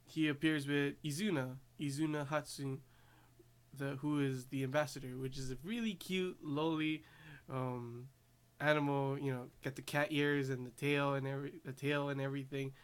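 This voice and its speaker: A man's voice: mid-range voice, flat delivery, moderate pace, clean tone. A man giving a casual, rambling recap of an anime episode, laughing often along the way. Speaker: anime reviewer.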